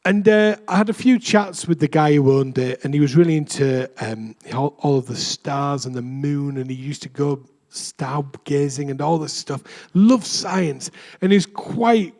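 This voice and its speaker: A man's voice: fairly high pitch, unhurried, darkish tone. A young adult man, a vicar, preaching a chatty, self-deprecating sermon in a church.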